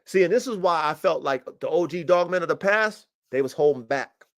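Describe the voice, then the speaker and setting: A man's voice: fairly high pitch, expressive, brisk, a bit bright. A man hosting a livestreamed dog podcast, talking in a boastful, confrontational way with emphatic slang. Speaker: podcast host and dog breeder. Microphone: streaming setup.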